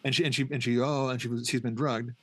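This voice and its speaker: A middle-aged man talks quickly through a film's plot on a podcast, stumbling over restarts and slipping into the characters' lines. His pitch sits at an ordinary middle height. The talk is loose, casual chat between co-hosts. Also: fairly even intonation, fairly bright tone, husky. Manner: rambling, restarts often, acts out scenes. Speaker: podcast co-host. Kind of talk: casual film review chat.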